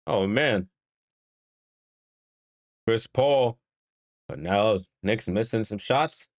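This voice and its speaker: Excitable man calling a game live. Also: lowish voice, drawn-out words, dry recording, studio quality. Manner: excitable, talks to the players and chat, laughs often. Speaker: fan watch-along host doing play-by-play. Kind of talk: casual live play-by-play commentary.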